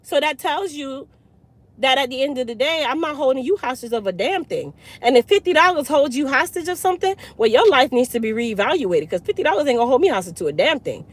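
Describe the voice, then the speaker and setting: A woman with a Jamaican accent, a hair care business owner telling a storytime, blunt and animated, slipping into patois. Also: sits high, quick pace. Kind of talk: storytime vlog.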